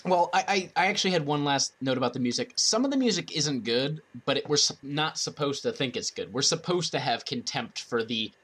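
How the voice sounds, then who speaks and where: A man's voice: on the high side, lively intonation, brisk, hardly any pauses, a bit bright, slightly rough. A man co-hosting a loose conversational show. He trips over his words and restarts sentences often. He laughs readily at the others. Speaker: podcast co-host. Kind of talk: casual chat.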